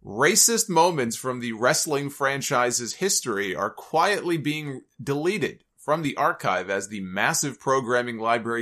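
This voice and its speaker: A man's voice: mid-range voice, fairly bright tone. A man hosting a podcast, telling a story in a casual, chatty way with joking asides. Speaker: podcast host.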